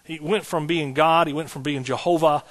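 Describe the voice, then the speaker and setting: A man preaching from the pulpit, his voice sitting a touch high for a man. He drives his points home with repeated phrases and slips into homey, conversational asides between them. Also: steady tone, normal speed, a bit bright. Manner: repetitive preaching cadence, folksy asides. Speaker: pastor. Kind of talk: sermon.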